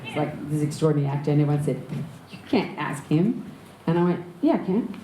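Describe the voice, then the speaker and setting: Lively Australian woman telling stories, roomy hall. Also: sits low, quick pace, a little hiss or hum. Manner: lively, laughs often while telling anecdotes. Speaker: actor and director, interview guest. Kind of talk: candid storytelling in an onstage conversation.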